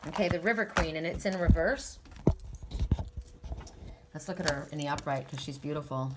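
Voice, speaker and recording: A woman's voice: low-pitched, normal speed, heavy background noise. An older woman giving a casual, rambling oracle card reading, with frequent restarts and laughter.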